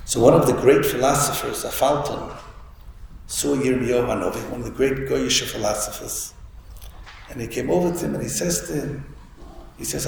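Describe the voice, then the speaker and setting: A man's voice: medium pitch, moderate pace, creaky. A man giving a Torah lecture, telling a story with many restarts and Hebrew and Yiddish terms. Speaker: rabbi giving a Torah talk. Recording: echoey hall with faint room noise.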